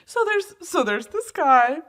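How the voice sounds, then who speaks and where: A woman's voice: high-pitched, sing-song, measured pace, a bit bright. A young woman hosting a comedy podcast, dramatic and swinging between mock outrage and giggles. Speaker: podcast host. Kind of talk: comedic chat.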